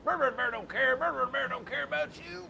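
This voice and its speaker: A man playing a taunting trickster villain who speaks of himself in the third person, with wild swings between loud and soft. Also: extremely high pitch, fast, gravelly, full character voice. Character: menacing male trickster calling himself Bird versus Bear. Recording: noisy background.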